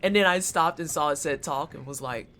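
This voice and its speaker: A man's voice: fairly high pitch, normal speed, bright, forceful tone. A man streaming a game, chatting casually with his chat and reacting aloud as he plays. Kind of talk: casual gameplay commentary. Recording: clear background noise.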